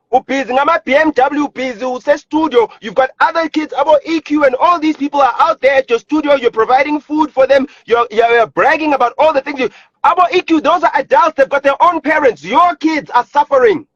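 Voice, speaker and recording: South african guy going off angry on a phone live, super high pitched, swearing a lot, dull lo-fi phone sound. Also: a little fast, a bit bright, no echo. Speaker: live streamer. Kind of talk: heated rant on a live stream.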